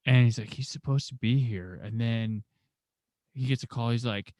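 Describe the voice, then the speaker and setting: A man's voice: medium pitch, fairly even intonation, moderate pace, warm tone, no room sound, studio quality. A young man hosting a podcast, telling a story casually in a rambling, profane way with many restarts. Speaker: podcast host.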